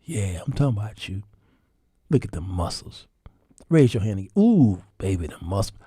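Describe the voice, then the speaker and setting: A man voicing a gentle, doting wife who coos and calls her husband baby. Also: medium pitch, big pitch swings, normal speed, no echo, studio quality. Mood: soothing. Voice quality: soft, hushed cooing voice. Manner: calls him baby, soothing, then scolding.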